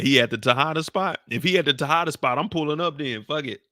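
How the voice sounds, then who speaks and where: A man's voice: on the high side, fast, pushed and bright, no echo, clean studio sound. A man giving loose, joking, slang-filled commentary after a TV episode. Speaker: show commentator. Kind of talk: casual after-show commentary.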